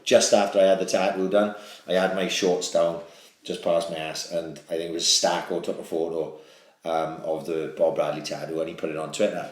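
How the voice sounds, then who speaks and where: A man's voice: sits low, flat delivery, a little fast. A man hosting a podcast, rambling through a story in casual chat with frequent restarts and swearing. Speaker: podcast host. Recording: echoey room.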